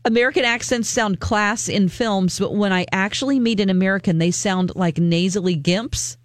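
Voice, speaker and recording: A woman's voice: medium pitch, normal speed, no room sound, clean studio sound. A woman vlogger chatting casually as she reads viewer comments aloud, with frequent ums as she reacts to them.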